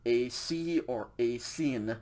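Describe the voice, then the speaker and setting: A man's voice: mid-range voice, slow pace, a little mellow. A man teaching a recorded language lecture over slides, explaining casually with many fillers and a frequent "okay" check.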